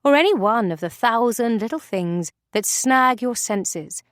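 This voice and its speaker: A woman narrating an audiobook in an expressive, measured way. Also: a little high, no room sound, studio quality.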